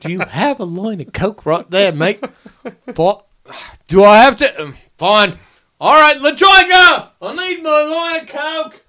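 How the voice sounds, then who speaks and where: Man doing a put-on Australian accent, brash male comedian, loud, swearing, high bright voice. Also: animated, unhurried, full character voice. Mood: ranting.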